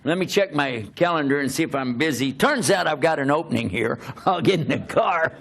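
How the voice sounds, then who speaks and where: An older man, a preacher, telling a humorous personal story in an animated, self-mocking way, often laughing as he talks. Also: mid-range voice, brisk, vocal fry, few pauses.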